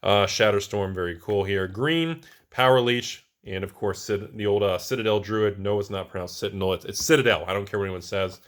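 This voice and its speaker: A man hosting a casual show-and-tell of his card collection, chatty and wisecracking, jumping between excited bursts and low mutters. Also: normal speed. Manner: wisecracking, self-mocking.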